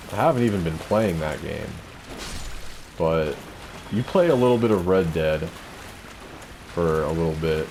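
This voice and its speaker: Low-voiced guy chatting through a game, rambly and sweary, bit of hiss behind him. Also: a little mellow. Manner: rambling, off-topic, swears casually. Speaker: let's play commentator. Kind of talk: casual gameplay commentary.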